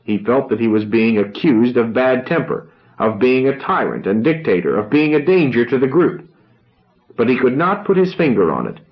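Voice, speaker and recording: This is scripted audiobook narration: a man, mid-range in pitch, reads from a novel with a steady, measured storytelling delivery. Audio quality is lo-fi and dull.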